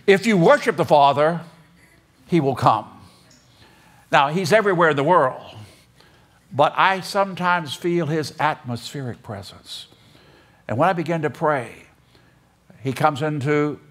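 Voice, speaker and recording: An older man giving a sermon in an auditorium, telling folksy childhood stories and acting out the voices in them. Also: a little high. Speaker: preacher speaking in a seminary chapel. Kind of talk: storytelling sermon.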